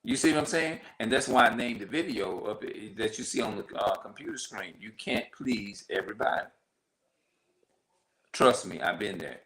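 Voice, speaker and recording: A man with a fairly low voice talks in a loose, casual monologue. He circles back over his points and keeps asking whether you follow. When he quotes other people, his voice jumps sharply higher. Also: lively intonation, normal speed, a bit bright, poor audio. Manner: repetitive, conversational, often asks "you see what I'm saying". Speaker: vlogger.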